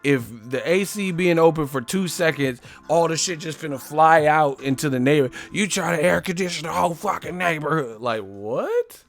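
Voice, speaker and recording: A man's voice: a little high, expressive, normal speed, few pauses, soft background music. Profane, laughing man joking on a livestream. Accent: US English. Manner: profane, joking storyteller who laughs a lot. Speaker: boxing live-stream host. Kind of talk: casual live-stream chat.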